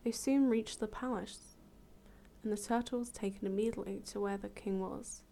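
Gravelly, mellow woman reading a fable. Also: mid-range voice, moderate pace. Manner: relaxed, chatty, self-correcting. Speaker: storyteller. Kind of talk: fable read aloud with casual asides.

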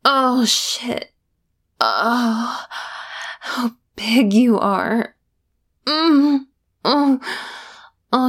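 A young woman performing intimate adult audio role-play, breathy and sighing, often dropping to a whisper. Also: on the high side, extremely slow, long pauses, a bit bright.

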